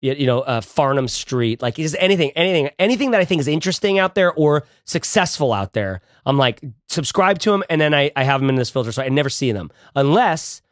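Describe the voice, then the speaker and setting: A male podcast co-host chatting casually, animated and playful, talking in quick bursts. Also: on the high side, dry recording, studio quality. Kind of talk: casual chat.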